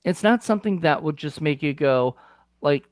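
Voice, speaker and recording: A man's voice: a little high, expressive, normal speed, dry recording. Male co-host, casual rambling film chatter, dry close sound. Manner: rambling, lots of fillers and restarts. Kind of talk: casual chat.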